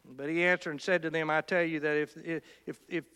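A man preaches with impassioned fervor, his smooth, resonant voice rising high whenever he hammers a point home. He often halts and restarts his phrases as the message builds. The sound rings with the long reverb of a large hall. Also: steady tone, fairly quick, pushed and bright. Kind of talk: sermon.

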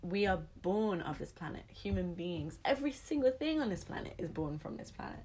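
A woman's voice: on the low side, sing-song, a little fast, warm tone, slightly rough. A young woman from England talking animatedly as a podcast guest, laughing often and swearing casually. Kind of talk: casual chat.

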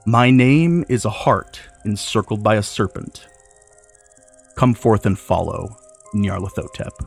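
A man voicing a female character as she solemnly declaims a dark invocation in a tabletop horror game. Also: lowish voice, animated, measured pace, creaky, slightly rough, faint music behind, full character voice. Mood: declaiming. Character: possessed woman intoning a dark invocation.

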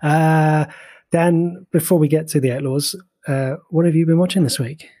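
A chatty, playful man with a Bristol accent, co-hosting a podcast. His voice has a slightly husky grain, and it sits dry and close with no room around it. He sounds relaxed and jokey. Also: fairly high pitch, moderate pace, dry recording. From Bristol, Somerset, England. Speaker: podcast co-host. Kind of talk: casual chat.

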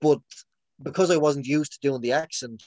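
A man's voice: a little high, normal speed, a little mellow, dry recording. A young man chatting casually, rambling with lots of restarts and laughs. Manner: rambling, many restarts and fillers; laughs often. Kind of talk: casual chat.

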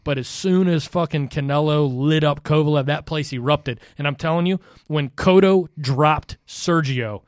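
A man co-hosting a boxing podcast, recounting fights in casual, excitable talk with some swearing. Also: a little high, normal speed, few pauses, no room sound, studio quality. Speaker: podcast co-host. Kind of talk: casual chat.

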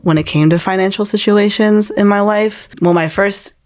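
A woman's voice: medium pitch, steady tone, normal speed, darkish tone. A woman in her twenties, a guest telling her personal faith story in a casual, earnest way, with many "like"s. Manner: casual and earnest, heavy use of "like".

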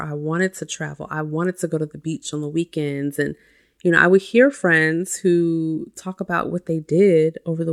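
Gravelly low-voiced woman hosting a podcast. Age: adult with a child. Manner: chatty, uses lots of "you know" and "like". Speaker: podcast host. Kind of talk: casual self-help podcast monologue.

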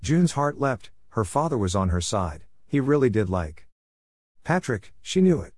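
A man reading a story aloud in a steady, wry narrating manner. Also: mid-range voice, measured pace, no room sound, studio quality.

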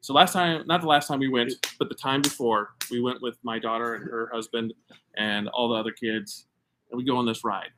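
A man's voice: medium pitch, steady tone, fairly quick, a bit bright, a little hiss or hum. A middle-aged American man and podcast co-host, telling a story in casual chat with emphatic, self-mocking energy.

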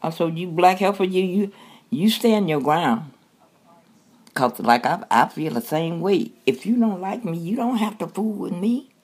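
A woman's voice: on the low side, expressive, a little slow, darkish tone, husky. A woman talking bluntly and plainly, in a folksy way.

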